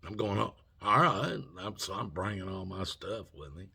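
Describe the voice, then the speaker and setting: A man's voice: low-pitched, normal speed, creaky, slightly rough. A man, telling a personal story casually and acting out both sides of an argument. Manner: animated retelling, acts out both sides of the argument. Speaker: vlogger.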